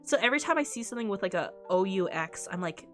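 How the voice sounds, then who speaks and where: A woman's voice: medium pitch, expressive, quick pace, faint music behind. A woman streamer in a casual, rambling chat, often breaking into laughter.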